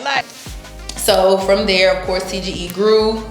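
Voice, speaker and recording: Brief: lively woman guest, storytelling, roomy echo, faint music behind. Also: mid-range voice, normal speed. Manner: animated, acts out quotes, laughs often. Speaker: interview guest. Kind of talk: casual storytelling.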